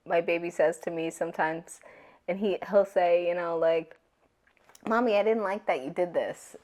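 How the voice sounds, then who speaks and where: A woman's voice: fairly low pitch, moderate pace. A woman in her thirties co-hosting a podcast, chatting casually and acting out her kids' voices in her stories. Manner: warm storytelling, acts out her kids' voices. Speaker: podcast co-host. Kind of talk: casual chat.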